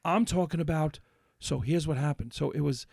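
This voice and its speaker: A man's voice: a little high, moderate pace, creaky, a little mellow, no echo, studio quality. A man on a podcast, ranting in a worked-up, swearing rush while telling a story in casual chat. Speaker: podcast co-host.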